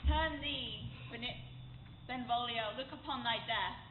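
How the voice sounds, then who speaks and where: A hostile young swordsman itching for a fight, taunting slowly in a fairly high voice. It is captured from far away in a roomy hall, sounding thin and tinny with a steady hiss behind. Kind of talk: amateur stage reading of a play scene. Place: conference hall stage. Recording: distant, echoey, tinny hall recording.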